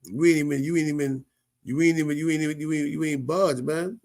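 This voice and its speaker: A man's voice: a little high, fairly even intonation, fast talker, darkish tone. A man giving casual, slangy commentary as a show host, often laughing and asking "you know what I mean". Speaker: show host reacting to viral clips.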